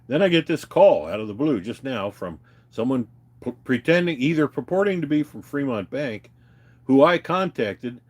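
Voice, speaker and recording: A man venting in a heated, profane rant to his viewers, retelling a phone call. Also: mid-range voice. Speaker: vlogger.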